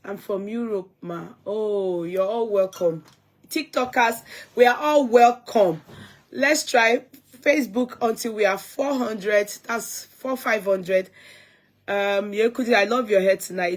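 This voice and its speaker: Gambian woman, casual live-stream chat, unhurried, friendly greetings to viewers. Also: mid-range voice. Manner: chatty, greets viewers by name, breaks into song.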